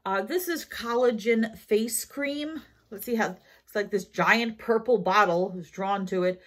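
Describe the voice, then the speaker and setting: A woman with a New York accent talks slowly and unhurriedly through a casual haul vlog. She sounds tired and rambles, often stopping to correct herself. Her pitch sits in a middle range for a woman. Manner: rambling, self-correcting, with fillers. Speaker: haul vlogger.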